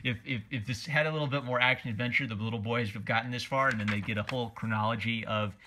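A man's voice: medium pitch, fairly even intonation, fast, bright, forceful tone, slight background noise. A man casually reviewing comic book covers, rambling and opinionated, with lots of fillers and restarts. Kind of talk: casual commentary while flipping through covers.

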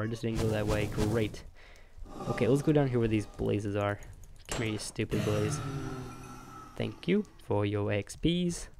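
A young gamer provides chatty, excitable let's-play commentary, joking and talking to his viewers while he plays. His voice is medium-pitched with vocal fry, and there's a little hiss or hum in the audio.

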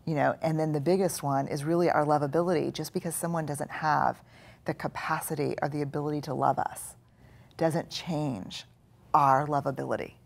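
A woman's voice: deep voice, fairly even intonation, moderate pace, creaky. A middle-aged woman, a guest author in a live studio talk, explaining her ideas earnestly and acting out inner voices.

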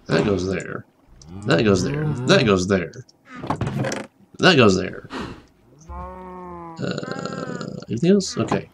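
A man's voice: fairly low pitch, creaky. Rambling man narrating a game. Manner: rambling, repeats words, gets distracted and whispers excitedly. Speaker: gaming commentator. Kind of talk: rambling let's-play commentary.

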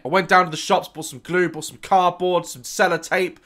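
A man's voice: sits high, fairly even intonation, a little fast, bright, forceful tone. A man in his thirties, hosting a reaction video and telling a sweary, comic story in casual chat.

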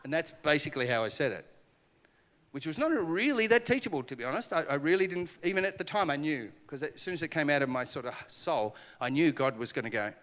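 Speaking a little fast in a slightly high voice, a male pastor preaches at a conference, the hall lending a big-room sound. He animates his stories with acted-out dialogue and self-deprecating humor.

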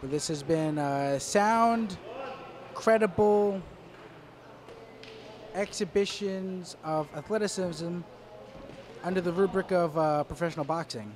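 A man's voice: sits high, slow pace, pauses often, crowd noise. A man giving live boxing commentary in a dry, wry way, with many fillers and restarts.

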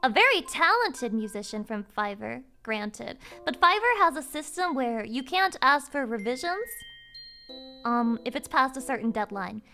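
Bright high-voiced woman streamer. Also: big pitch swings, moderate pace, soft background music. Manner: playful, swearing, meowing at chat. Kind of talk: casual live-stream chat.

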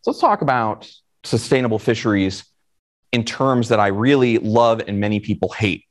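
A man's voice: fairly low pitch, lively intonation, moderate pace. A man from Florida giving a conference talk in a conversational way, asking the audience questions. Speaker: conference speaker.

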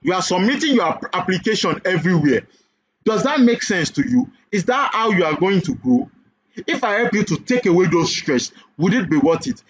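A Nigerian-accented man with a fairly high voice delivers a persuasive sales webinar pitch, checking in with "okay?" and firing questions at the listener. The recording is dull and lo-fi, with a faint hiss underneath. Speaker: online business coach.

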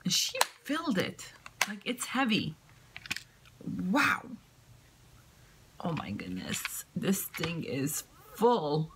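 Woman vlogger, slow and gushing, hushed half-whisper, with loud paper crinkling behind her. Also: fairly low pitch, huge pitch swings, background noise. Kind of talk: craft mail unboxing. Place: home, indoors.

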